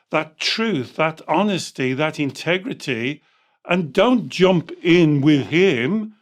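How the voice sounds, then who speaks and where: A man hosting a podcast as a coach, telling client stories and acting out their dialogue. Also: on the high side. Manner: animated storytelling, acting out dialogue. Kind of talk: podcast discussion with anecdotes.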